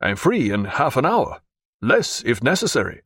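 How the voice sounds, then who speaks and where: A man's voice: medium pitch, sing-song, moderate pace, fairly bright tone, slightly rough, no room sound, studio quality, pitched above the performer's own voice, exaggerated voice. A man reading the part of a stern, impassive hospital porter who speaks curtly and formally. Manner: curt, formal.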